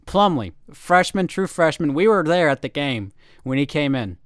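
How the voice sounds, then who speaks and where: A man's voice: fairly high pitch, moderate pace, clean tone, no echo, studio quality. A man co-hosting a casual sports podcast, telling stories with animation and acting out the quotes. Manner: animated storyteller, acts out quotes. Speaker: podcast co-host.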